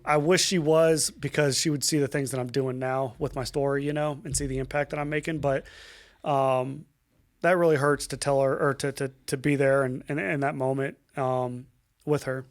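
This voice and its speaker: A young adult man, a podcast guest, telling a painful personal story in a halting, emotional way with many fillers, restarts and swearing. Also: mid-range voice, steady tone.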